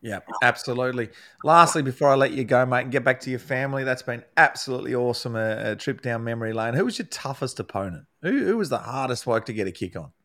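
A man's voice: mid-range voice, expressive, quick pace, bright, forceful tone. A middle-aged man with an Australian accent, hosting a casual chat full of laughing banter. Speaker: podcast host.

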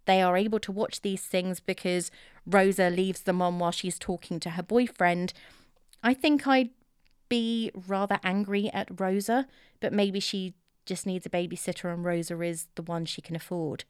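Woman, film recap host; chatty, opinionated, smooth lower voice. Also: no echo, clean studio sound. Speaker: film reviewer.

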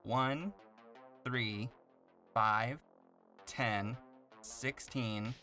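Male quiz host, slow deliberate pace, bright tense tone, light music behind. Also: medium pitch, fairly even intonation. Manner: reads out numbers and questions. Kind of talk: game quiz hosting.

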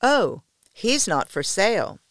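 A woman's voice: medium pitch, sing-song, slow pace, dry recording, clean studio sound, voice pushed up. A woman voicing a haughty, domineering duchess who gives cold, clipped orders.

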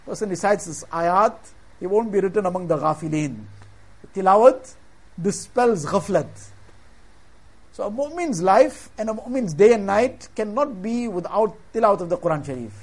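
A man giving a sermon, telling a religious story in an earnest, measured way and weaving in Arabic religious phrases. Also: high-pitched, animated. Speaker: preacher.

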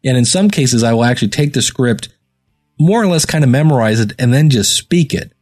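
A man hosts a podcast review show and talks through his critique in an easy, unscripted way. He puts stress on certain words and fills gaps with "uh." A faint guitar plays quietly under his voice. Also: medium pitch, animated. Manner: conversational, with filler words and deliberate word stress. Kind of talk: casual spoken critique.

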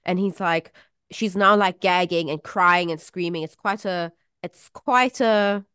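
Lively woman telling a story, dry sound. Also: fairly low pitch, a little slow, clean tone, no room sound. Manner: lively, animated anecdote-telling with frequent laughter. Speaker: podcast co-host. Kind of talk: casual chat, storytelling.

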